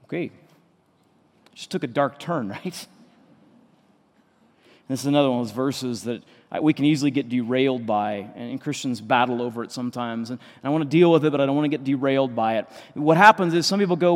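A man's voice: medium pitch, fast talker. A man preaching a sermon as a pastor, earnest and conversational, often repeating words for emphasis. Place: large church sanctuary. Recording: long reverb of a large hall.

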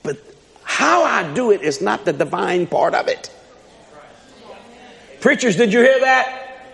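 A man preaching a sermon in a church hall, fiery and emphatic, shouting and repeating his lines. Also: high voice, very animated, unhurried, gravelly. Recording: long hall reverb.

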